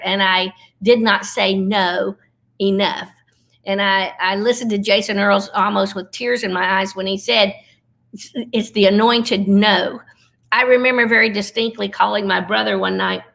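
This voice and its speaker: Bright-voiced folksy woman. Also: medium pitch, vocal fry. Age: middle-aged. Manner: folksy, earnest, slows down for emphasis. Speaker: Christian comedian speaker. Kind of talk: conversational devotional talk over video call. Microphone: video call.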